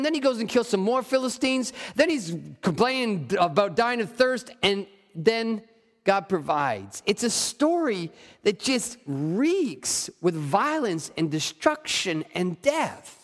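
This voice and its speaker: Lively high-voiced male preacher in a hall. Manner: reads scripture aloud and adds wry asides. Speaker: pastor. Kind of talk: sermon.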